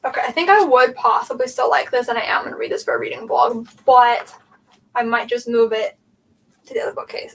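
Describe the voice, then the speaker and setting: Her voice is fairly high and fairly bright, and she speaks fairly quickly. A young woman hosting a casual booktube livestream in her bookshelf-lined room, she sorts her shelves while thinking aloud, rambling with frequent "like" and "um." Faint background noise comes through the distant mic.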